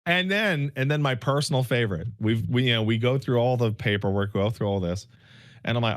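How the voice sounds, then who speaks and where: A man in his thirties, a podcast co-host, excitedly telling a story, acting out the people in it and swearing. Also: mid-range voice, brisk, no echo, clean studio sound. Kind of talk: animated storytelling chat.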